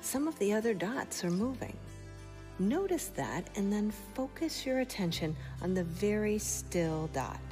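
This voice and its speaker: A woman gently guiding children through a mindfulness exercise, calm and softly asking questions. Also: medium pitch, unhurried, soft background music.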